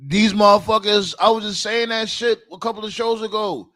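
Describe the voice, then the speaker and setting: A man's voice: high-pitched, fairly even intonation, normal speed, pushed and bright. A man co-hosting a wrestling podcast, talking emphatically with lots of swearing and jokes. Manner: profane, joking, emphatic. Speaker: podcast co-host. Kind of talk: casual chat.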